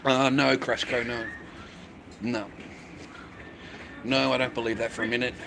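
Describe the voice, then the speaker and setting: A man's voice: medium pitch, flat delivery, a little slow, gravelly, background noise. Foul-mouthed Australian man ranting on a livestream. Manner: crude, profane, calls everyone mate. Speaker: livestream host. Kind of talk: rambling livestream rant.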